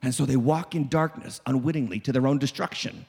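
A male pastor preaching emphatically, often rising to shouts and calling on the congregation to respond. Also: mid-range voice, fairly quick, creaky, breathy edge, big-room sound. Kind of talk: sermon.

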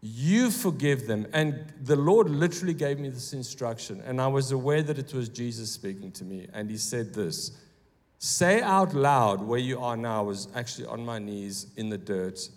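A man's voice: medium pitch, normal speed, hardly any pauses. Man preaching in a reverberant hall. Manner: animated, acts out quotes in bursts. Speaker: guest speaker. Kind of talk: sermon storytelling. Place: church hall. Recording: long church reverb.

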